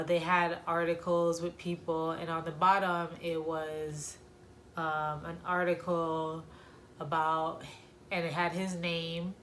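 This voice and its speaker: A woman telling a painful personal story to camera, reflective, with many pauses and fillers. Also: lowish voice, a bit bright, a little hiss or hum. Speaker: vlogger sharing a personal story.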